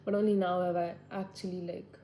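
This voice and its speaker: A woman in her twenties, a vlogger, rambles reflectively to herself while sitting inside by a window. Her fairly low, warm voice is brisk with a flat delivery. The audio quality is poor, with a little hiss or hum.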